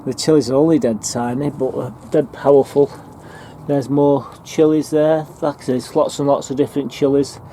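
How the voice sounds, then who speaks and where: A man's voice: mid-range voice, fairly even intonation, moderate pace, mellow, slight background noise. A man, chatting casually and rambling through fillers as he walks a tour of his allotment garden. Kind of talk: casual walking tour narration. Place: outdoor allotment garden in a town.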